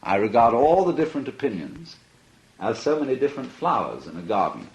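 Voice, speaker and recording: A philosophy lecturer muses playfully in a reflective archival lecture, often laughing as he talks. His mid-range voice swings widely in pitch at a fairly quick clip, and the recording's high frequencies are cut off.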